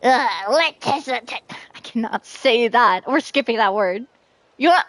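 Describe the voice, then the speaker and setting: A woman's voice: fairly high pitch, expressive, measured pace, fairly bright tone, dry recording. A woman streaming a game, chatting casually and reading her chat aloud, giggling often. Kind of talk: casual live commentary.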